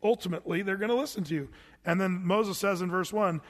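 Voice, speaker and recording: A man's voice: sits high, quick pace, long reverb tail. A middle-aged man preaching a verse-by-verse sermon, telling stories animatedly and acting out voices. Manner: animated storytelling with acted-out voices. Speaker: pastor.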